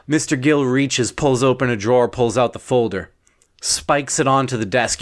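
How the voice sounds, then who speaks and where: A man telling an absurd second-person bedtime story in a deadpan, wandering way. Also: mid-range voice. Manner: slow, deadpan, wandering delivery.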